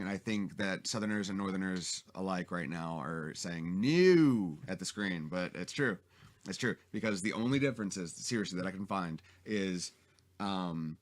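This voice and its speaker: A low-pitched man hosts a casual podcast, talking loosely and rambling from point to point. He fills his talk with plenty of "uh" and "like" as he chats with his guests. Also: a bit bright. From American South. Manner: rambling, chatty, lots of fillers. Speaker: podcast host. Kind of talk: casual chat.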